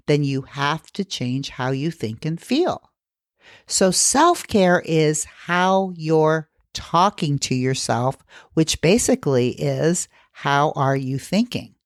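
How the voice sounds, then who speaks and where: A woman's voice: lowish voice, a little mellow, no room sound, clean studio sound. A middle-aged woman hosting a solo podcast, coaching listeners in an earnest way and asking them rhetorical questions.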